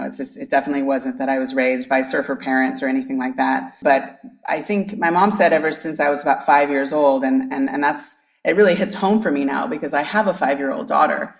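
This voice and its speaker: An American woman from Northern California, a marine biologist, telling her story in a casual interview, eager and quick with many restarts. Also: extremely low pitch, vocal fry, echoey room, far from the mic. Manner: enthusiastic, fast storytelling with frequent restarts. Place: her office.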